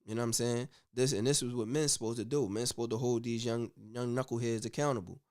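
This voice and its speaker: A man hosting a casual commentary show, talking in an animated, slangy way with frequent "you know what I'm saying.". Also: mid-range voice, fast. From United States. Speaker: host.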